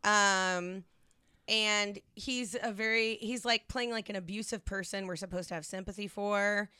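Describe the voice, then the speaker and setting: A young woman co-hosting a podcast in casual chat, animated and quick with jokes. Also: medium pitch, smooth, no echo. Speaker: podcast co-host.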